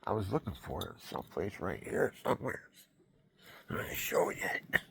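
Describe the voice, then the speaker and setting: A man's voice: lowish voice, sing-song, normal speed, vocal fry, sharp tone, slightly rough, in a whisper. An older man at home on his couch, giving rambling folksy health tips and counting aloud. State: out of breath. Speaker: vlogger. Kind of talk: casual health talk to camera.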